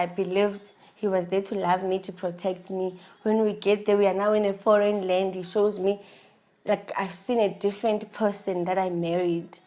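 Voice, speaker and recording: A young woman host telling a personal story in a candid, confiding way, sometimes dropping to a hush. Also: medium pitch. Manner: candid, emotional, confiding, drops to a hush at tense moments. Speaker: vlog host.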